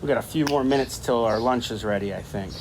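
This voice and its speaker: An easygoing man gives a relaxed, chatty art lesson and thinks out loud as he works on a craft project. His voice sits at an ordinary middle pitch. Faint room noise hums underneath. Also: fast talker. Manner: easygoing, thinks aloud while drawing. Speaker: art teacher. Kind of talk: casual talk-along art lesson.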